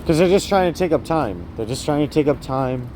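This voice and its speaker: A man's voice: fairly high pitch, animated, fairly quick, dark tone, a little hiss or hum. A man filming himself outdoors on a city street with a handheld phone, talking in an agitated, repetitive, rambling way and asking the viewer over and over whether they see what he sees. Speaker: vlogger. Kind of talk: rambling self-filmed monologue.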